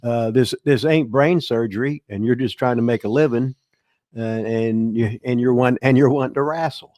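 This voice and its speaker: An older man, a veteran wrestler and former booker, hosts a casual live chat and tells rambling stories in a middling, slightly mellow voice at a moderate pace. He often stops and restarts, relies on fillers, and chuckles from time to time. The recording is close and dry, with no room sound.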